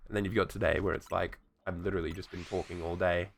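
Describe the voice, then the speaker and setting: A man's voice: low-pitched, steady tone, fast talker, vocal fry, hardly any pauses, slight background noise. A man streaming a game while sick, with a sore throat, chatting in a rambling, profane way. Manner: rambling, profane, self-talking. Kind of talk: casual gameplay chat. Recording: faint music behind.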